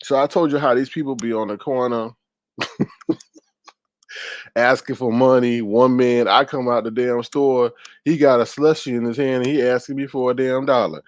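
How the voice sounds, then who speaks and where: A man's voice: moderate pace, no room sound, clean studio sound. A man hosting a live stream, chatting casually, telling stories and teasing viewers in the comments. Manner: animated, jumps into high exaggerated voices when quoting people; reads viewer comments aloud and teases them. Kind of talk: casual storytelling chat.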